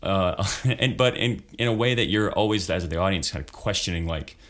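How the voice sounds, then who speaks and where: A man's voice: deep voice, moderate pace, fairly bright tone. A man in casual podcast chat, telling a story in a loose, rambling way with many fillers. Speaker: improv performer, guest.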